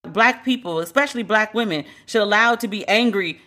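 A woman hosting a podcast, giving blunt, profane opinion commentary in an animated, candid way. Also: medium pitch, fairly quick. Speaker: podcast host.

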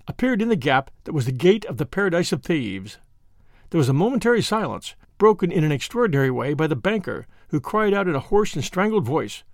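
Expressive male storyteller, dry sound. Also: on the high side, no room sound. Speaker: narrator. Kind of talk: scripted narration of a classic mystery.

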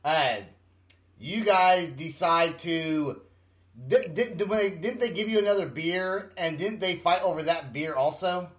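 A man hosting a casual podcast, reacting with quick exclamations and introducing a song. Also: high-pitched, fairly bright tone, roomy sound. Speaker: podcast host. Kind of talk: casual chat.

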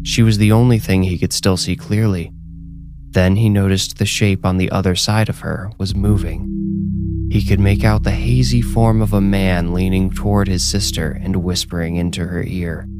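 A man giving a steady, scripted horror narration with music behind. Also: deep voice, normal speed.

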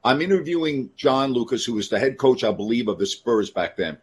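A man co-hosting sports talk radio, telling a story earnestly and chiming in with quick agreement. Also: mid-range voice, expressive, husky.

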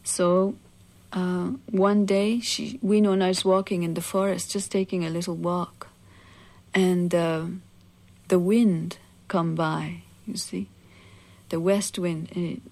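A woman with a fairly low voice tells an old legend aloud. She takes her time and speaks casually, breaking in with little asides to her listeners. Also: fairly even intonation, a little mellow. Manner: unhurried, conversational, frequent "you see" asides. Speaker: storyteller. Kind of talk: oral legend telling.

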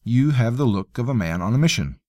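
A man's voice: mid-range voice, lively intonation, fairly quick, darkish tone, dry recording, clean studio sound, pitched above the performer's own voice, natural voice. A man voicing a bold, stubborn young male commoner tracker who talks bluntly and plainly.

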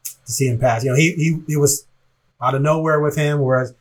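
A man's voice: fairly high pitch, steady tone, a little fast. A man co-hosting a sports podcast, talking in a rambling, reflective way with frequent laughs. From Portland, Oregon area. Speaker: podcast co-host. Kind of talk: casual podcast chat.

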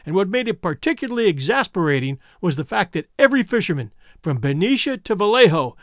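A man's voice: fast, dry recording, studio quality. A man narrating an adventure story in the first person, reading expressively. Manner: expressive reading with lively pitch. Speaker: audiobook narrator.

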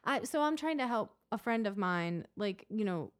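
A woman's voice: mid-range voice, lively intonation, moderate pace, clear, resonant tone, no room sound, clean studio sound. A middle-aged woman co-hosting a podcast, talking candidly and laughing easily in casual chat. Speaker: podcast co-host. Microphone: studio mic.

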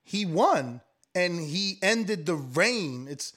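Bright high-voiced male host keeping order. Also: animated, slow. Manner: firm, calls for order. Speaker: host and moderator. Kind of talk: moderating a casual panel.

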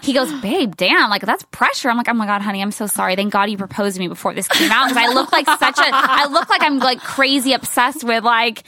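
A woman's voice: fairly high pitch, fast talker, hardly any pauses, bright, forceful tone, no room sound, clean studio sound. A woman in her thirties chatting as a podcast guest, telling a story with lots of "like"s. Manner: gushing, storytelling with many "like"s. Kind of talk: casual chat.

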